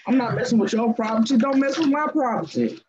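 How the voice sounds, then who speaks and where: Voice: medium pitch, expressive, fast, darkish tone. Easygoing host, lo-fi chat. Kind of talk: casual chat. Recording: dull lo-fi sound, faint noise.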